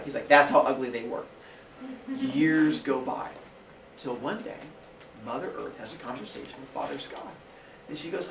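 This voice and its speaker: A man teaching a class tells an old myth as a comic story and slips into quick voices for each character. His voice sits a little high and swings widely in pitch. He sounds set back from the mic in an echoey room, with a faint hiss of noise behind him. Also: creaky. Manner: animated, jokey, acts out characters in quick voices. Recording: roomy echo from far off with faint noise.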